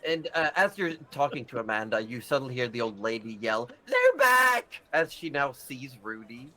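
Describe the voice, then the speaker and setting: A man's voice: mid-range voice, brisk, a bit bright. An Australian man narrating as game master in a tabletop game, playful and chatty. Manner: playful, laughing asides.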